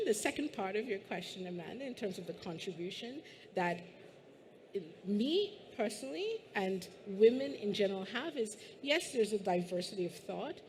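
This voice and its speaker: A woman's voice: medium pitch, darkish tone, a little hiss or hum. A woman from Guyana speaking on a panel discussion and telling her story in a reflective, thoughtful way.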